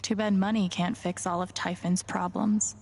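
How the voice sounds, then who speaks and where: A woman's voice: on the low side, level tone, moderate pace, a little mellow. A woman streaming a game and making dry, sardonic comments. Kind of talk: casual live commentary while playing.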